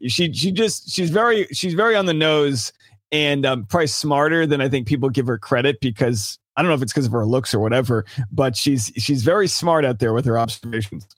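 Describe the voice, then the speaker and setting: A man's voice: mid-range voice, brisk, no echo, studio quality. A man guesting on a casual recap chat, rambling with restarts and frequent laughs.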